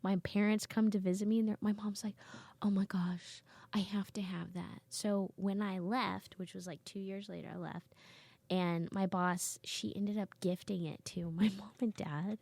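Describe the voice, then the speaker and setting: A woman's voice: medium pitch, normal speed, vocal fry, no room sound. A woman comedian telling stories in a casual chat, acting out her family's lines. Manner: animated, acts out family members' lines. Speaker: comedian guest. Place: basement studio.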